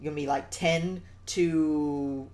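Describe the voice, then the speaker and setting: A man's voice: on the high side, fairly even intonation, slow, darkish tone. A man co-hosting a casual podcast chat, earnest and rambling, with lots of fillers and restarts. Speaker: podcast co-host.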